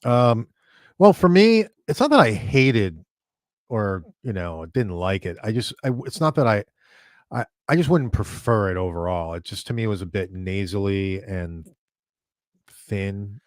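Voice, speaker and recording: Low-voiced man, relaxed and halting. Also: dry recording, clean studio sound. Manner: relaxed, halting, hedges a lot. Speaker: co-host reading viewer questions. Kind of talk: casual chat.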